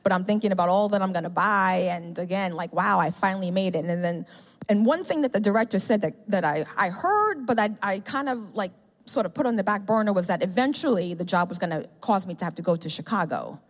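A middle-aged woman delivers an animated testimony sermon at a natural mid pitch. She tells her story with energy, acts out what people said, and keeps checking in with the congregation. Her voice rings with a long reverb from the church hall. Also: a little fast. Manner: animated storytelling, acts out quoted speech, calls out "amen?". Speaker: speaker giving a testimony to a congregation.

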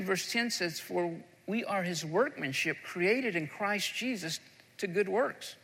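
A man's voice: sits high, fairly bright tone. A man preaching a sermon, building to fervent, emphatic delivery. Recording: long hall reverb.

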